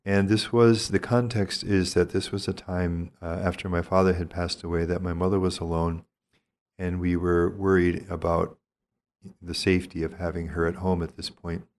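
Older male priest, very low voice, unhurried reflective teacher. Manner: calm, reflective, gently explanatory. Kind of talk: teaching talk on spiritual discernment.

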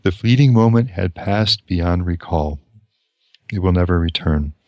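Deep-voiced man lecturing on literature. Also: lively intonation, a little mellow, dry recording, highs cut off. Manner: deliberate and reflective, pausing to explain. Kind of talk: reading and commenting on a novel.

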